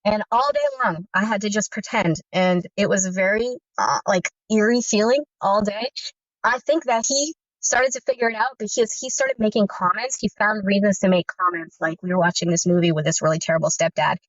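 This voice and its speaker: A woman in her thirties gives a first-person account, earnest and intense as she walks through frightening memories in close detail. Her voice sits at an ordinary middle pitch. The audio is dry and somewhat dull, with little room sound. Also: fairly quick, dry recording. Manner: earnest, intense, recounting fear in vivid detail. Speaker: guest sharing her story.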